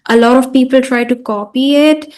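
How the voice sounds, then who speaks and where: A woman's voice: sits high, fairly even intonation, normal speed, darkish tone. Woman host asking thoughtful questions. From India. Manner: questioning, hesitant, thinking aloud. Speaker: host and interviewer. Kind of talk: conversational interview.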